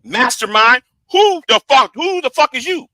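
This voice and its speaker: A man's voice: extremely high pitch, expressive, moderate pace, bright, forceful tone, no room sound, poor audio. A man on a livestream, angrily and profanely calling out a rival he speaks to directly. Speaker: live streamer. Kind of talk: confrontational livestream rant. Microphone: streaming setup.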